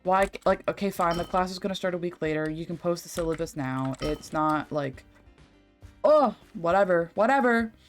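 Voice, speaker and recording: A woman's voice: fairly low pitch, moderate pace. A young adult woman streaming a game, chatting casually in a rambling, filler-heavy way and swearing freely. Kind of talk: casual gaming stream chat. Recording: faint game music behind. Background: faint game music.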